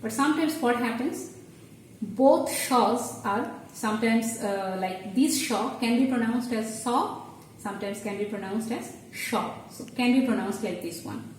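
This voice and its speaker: A woman's voice: a little high, recorded from a distance, a little hiss or hum. Woman teacher in an echoey room. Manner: patient, explains step by step, halting restarts. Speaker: Bengali language teacher. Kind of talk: explaining at a board. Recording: echoey room, voice from off the mic, faint ambience.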